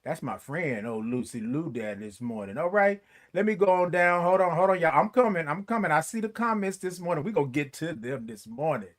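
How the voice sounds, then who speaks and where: Hosting a morning livestream show, a high-voiced, lively man greets his live audience in casual chat. He sings bits of tunes and stretches his greetings out, staying animated throughout.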